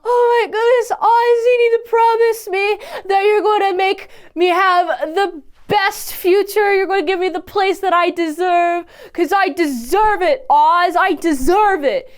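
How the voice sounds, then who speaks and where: A woman's voice: extremely high pitch, steady tone, measured pace, pitched above the performer's own voice. Woman putting on a sobbing, demanding mother. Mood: tearful pleading. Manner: sobbing, pleading. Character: tearful, clingy middle-aged mother, demanding.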